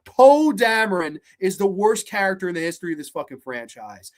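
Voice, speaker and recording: A woman hosting a casual film review show, ranting in a profane, sarcastic, animated way. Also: mid-range voice, normal speed, few pauses. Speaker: host.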